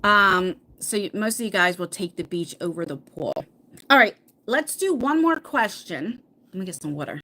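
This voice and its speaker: A woman's voice: medium pitch, lively intonation, moderate pace, sharp tone, slight background noise. A middle-aged woman hosting a casual livestream chat, reading viewer comments, laughing often and stumbling over words.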